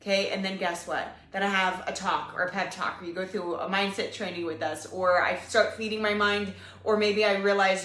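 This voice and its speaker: A woman's voice: mid-range voice, steady tone, moderate pace, few pauses, fairly bright tone. Upbeat woman coaching in an echoey room. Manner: upbeat, encouraging, talks to viewers as "you guys". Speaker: fitness coach hosting a live training. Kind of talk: live-streamed coaching talk.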